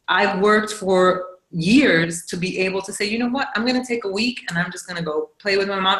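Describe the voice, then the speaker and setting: A woman's voice: on the low side, fairly bright tone, roomy sound, rough recording. A woman leading a team coaching call, talking frankly and encouragingly in a casual, chatty way. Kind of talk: casual motivational talk.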